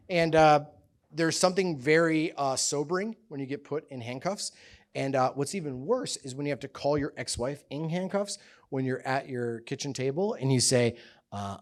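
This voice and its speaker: A man's voice: on the high side, lively intonation, moderate pace. A middle-aged man telling a personal story on stage at a business event, casual and self-mocking, with many fillers. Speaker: business summit speaker. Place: event stage before an audience.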